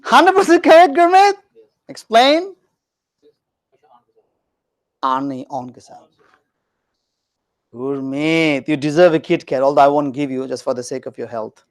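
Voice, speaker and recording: A man teaching a grammar lesson in a classroom, animated and joking with his students. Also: on the high side, normal speed, pauses often. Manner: animated, joking with students, mixes in Hindi phrases.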